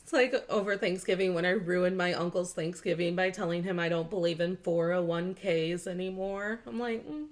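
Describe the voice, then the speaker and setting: A woman's voice: fairly low pitch, normal speed, hardly any pauses. A young adult woman hosting a podcast, chatting casually and telling stories with lots of laughter and acted-out quotes. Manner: animated storyteller, acts out quotes, laughs often. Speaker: podcast host. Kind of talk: casual chat.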